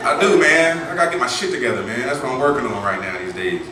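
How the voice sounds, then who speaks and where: A man's voice: mid-range voice, very animated, fast talker, few pauses, crowd noise. A man performing a stand-up comedy set with loose, profane, conversational storytelling at a live venue. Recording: echoey room, distant mic, audience noise.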